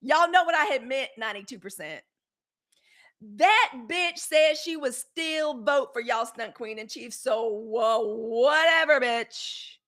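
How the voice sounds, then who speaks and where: This daily live news host speaks in a high, expressive, fairly bright voice at a measured pace. Her casual stream commentary is blunt and chatty, and she's outspoken enough to launch into frank rants laced with profanity. She addresses her viewers as "y'all" and "girl."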